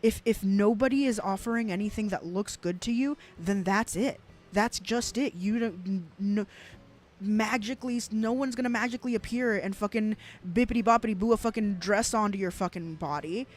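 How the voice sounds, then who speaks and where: A woman's voice: mid-range voice, moderate pace, a little mellow. Blunt, profane young woman streamer. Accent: South Texas. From South Texas. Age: 20s. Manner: blunt and profane, with laughing asides and rambling restarts. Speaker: streamer reacting to clips. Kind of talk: casual commentary stream.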